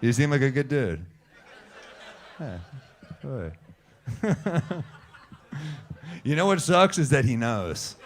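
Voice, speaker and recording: A man performing stand-up comedy on a club stage into a handheld mic, with a dry, deadpan delivery. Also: mid-range voice, slow, long pauses, slight background noise. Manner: deadpan, dry delivery, talking back to a heckler. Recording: live club recording, laughing crowd.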